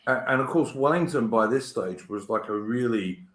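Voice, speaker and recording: A man's voice: mid-range voice, expressive, normal speed, a bit bright, reverberant. A British man hosting a casual chat show, telling stories in a chatty way with lots of restarts. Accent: British English. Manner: chatty storyteller with many restarts and stammers. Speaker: podcast host.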